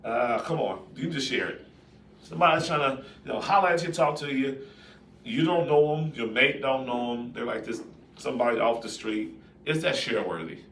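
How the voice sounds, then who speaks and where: A man hosting a live-stream talk, speaking in a lively, conversational way and putting questions to his viewers. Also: medium pitch, normal speed, slight background noise. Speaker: host. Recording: roomy echo, distant mic.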